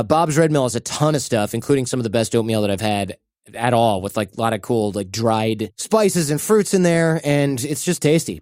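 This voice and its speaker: A man with a middle-pitched voice reads sponsor spots on his podcast, loose and chatty, jumping into quick playful voices for quoted bits. The sound is dry and close, with no room around it. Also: a little mellow, dry recording. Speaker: podcast host reading sponsor ads. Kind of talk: casual ad read with banter.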